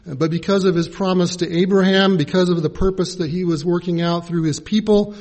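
A man preaching a sermon in a measured, teaching way, pausing to spell out original-language words. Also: sits high, fairly even intonation, darkish tone. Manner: measured, spells out Greek and Hebrew words letter by letter.

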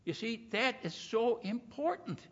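Emphatic male preacher with a gravelly voice. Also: extremely high pitch, lively intonation, unhurried. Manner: emphatic, repeats "you see", acts out quoted voices. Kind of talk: sermon. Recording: muffled sound in a hall with long reverb.

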